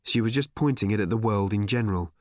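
A man narrating an audiobook in an expressive storytelling manner. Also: fairly low pitch, fast, no room sound, studio quality. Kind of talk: scripted narration.

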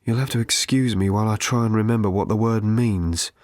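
A worn-out robot groans through each word in a slow, croaking, hollow rattle, as a male narrator puts him on. He sounds endlessly gloomy and self-pitying, his voice set low. The recording is close and dry. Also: a little mellow, no room sound, close to an everyday voice. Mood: weary.

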